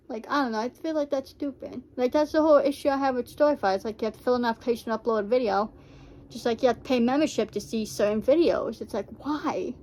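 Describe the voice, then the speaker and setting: A woman vlogger rambling heartfelt reaction commentary, full of fillers. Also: a little high.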